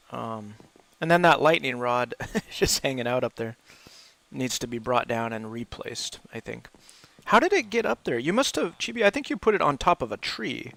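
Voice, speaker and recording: A man who is an English teacher hosts a game livestream, chatting casually, rambling, and laughing often. His mid-range voice is creaky with a fairly bright tone, and there's no echo.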